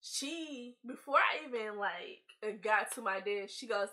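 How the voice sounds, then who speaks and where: A young woman vlogger telling a casual story in an animated, slangy way, acting out the people in it. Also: on the high side, normal speed, hardly any pauses.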